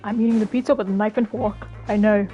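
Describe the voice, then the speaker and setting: A woman's voice: medium pitch, fairly even intonation, fast, warm tone, highs cut off, soft background music. A young woman streaming a game, chatting casually and tossing in joking, snarky asides. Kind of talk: casual gameplay commentary.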